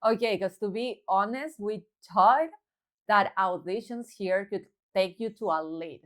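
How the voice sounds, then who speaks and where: A woman's voice: mid-range voice, measured pace. A woman in her thirties with a Mexican accent, co-hosting a podcast in casual chat and telling stories with frequent laughs. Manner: chatty, laughing, animated storytelling. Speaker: podcast co-host.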